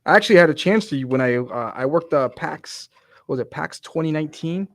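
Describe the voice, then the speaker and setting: Fast-talking excitable man. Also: a little high, dry recording, clean studio sound. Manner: excitable, chatty, laughs often. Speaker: PC builder. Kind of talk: casual chat on a livestream.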